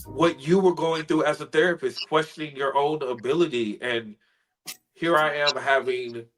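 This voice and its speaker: A man, a spoken word artist, telling an emotional personal story in an earnest, heartfelt way, sometimes soft-spoken. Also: a little high, normal speed, soft background music, poor audio.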